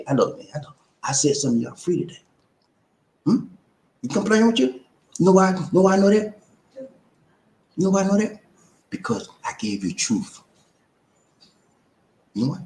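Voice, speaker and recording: A man's voice: high-pitched, big pitch swings, brisk, long pauses. A man, hosting a relationship advice livestream, preachy and playful, with rhyming chants and a repeated "okay?" after each point. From South Carolina. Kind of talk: casual livestream talk. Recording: echoey room.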